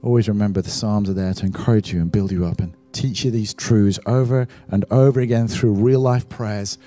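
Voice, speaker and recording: A man's voice: on the low side, fairly even intonation, a little fast, warm tone. A man leading a church service as pastor, encouraging the congregation. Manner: encouraging, exhorting. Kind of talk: sermon.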